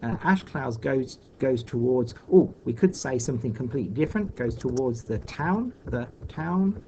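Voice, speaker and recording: A man teaching children in a recorded online lesson, thinking aloud patiently with many pauses and fillers. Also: medium pitch, expressive, dark tone, muffled recording, a little hiss or hum.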